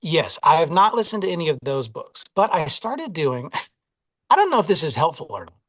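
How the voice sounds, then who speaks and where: A man with a Southern US accent talks in a relaxed, reflective way, hedging and laughing at himself. The sound is dry and close, with no room behind him. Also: on the high side, a little fast, no echo. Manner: reflective, self-deprecating, many "like" and "you know". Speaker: audiobook narrator, interview guest. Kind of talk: casual interview conversation.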